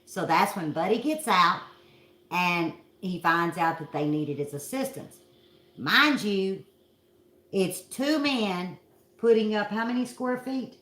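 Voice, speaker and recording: A woman's voice: medium pitch, slow pace. Southern kentucky lady vlogging, big dramatic storyteller, kinda echoey room. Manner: folksy, animated, dramatic storytelling. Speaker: vlog host. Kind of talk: casual storytelling to viewers.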